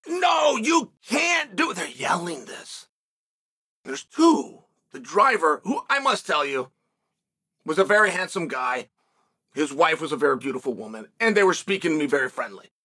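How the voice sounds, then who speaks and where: A middle-aged man hosts a casual studio monologue, spinning a story with lively swings up and down in pitch. His voice is bright and carries a husky edge. He jumps into the quotes he is telling, acting them out as he goes. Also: moderate pace. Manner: animated, acts out shouted quotes. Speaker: show host.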